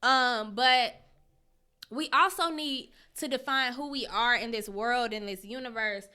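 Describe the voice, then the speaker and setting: This time the young woman speaks unhurriedly in a smooth, sharp voice on the high side. She's reading live chat comments on her casual stream and answering them bluntly in slang, swearing freely and addressing viewers directly by name.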